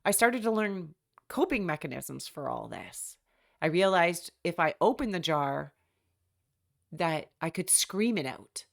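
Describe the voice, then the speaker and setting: A woman in middle age recounts her life as a podcast host. Her voice sits low and carries a gravelly rasp. She sounds reflective and wry, and she slips into the voices of the people she quotes. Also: big pitch swings, a little slow. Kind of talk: personal storytelling.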